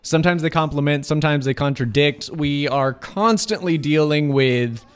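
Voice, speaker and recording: A man's voice: on the high side, normal speed, smooth. A man co-hosting a community radio show, chatting playfully and speaking directly to listeners. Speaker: radio DJ co-host. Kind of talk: casual radio banter.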